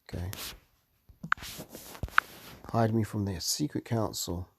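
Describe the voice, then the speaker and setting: A tired man teaching from the Bible late at night, reading verses aloud and commenting on them slowly. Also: lowish voice, steady tone, creaky, a little mellow, a little hiss or hum. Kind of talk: scripture study talk.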